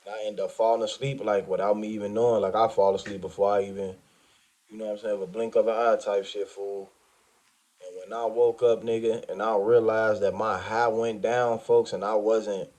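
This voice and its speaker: Animated profane man telling a story. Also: medium pitch. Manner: animated, profane, slang-heavy, constant "folks" and "G". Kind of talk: casual storytelling to camera.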